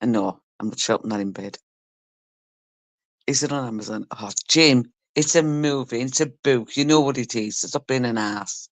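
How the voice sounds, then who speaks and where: A woman speaks at normal speed in a bass voice with no room sound. She's livestreaming a casual chat, reading comments and teasing viewers with laughter and the odd swear word.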